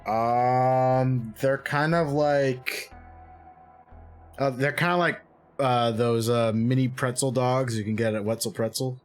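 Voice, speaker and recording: A man's voice: medium pitch, steady tone, takes it slowly, faint music behind. A man playing in a tabletop role-playing game, chatty as he explains what his character does. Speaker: player. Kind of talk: casual tabletop play.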